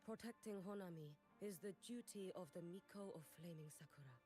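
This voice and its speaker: An actress voicing a solemn young shrine maiden heroine in a game, formal and soft-spoken. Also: female voice, on the low side, fairly quick, soft background music, close to an everyday voice.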